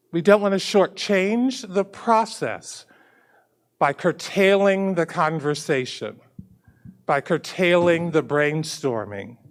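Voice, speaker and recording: Slow-spoken man addressing a committee. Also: a little high. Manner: earnest, repeats points for emphasis. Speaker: school superintendent. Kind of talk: formal opening remarks at a public meeting.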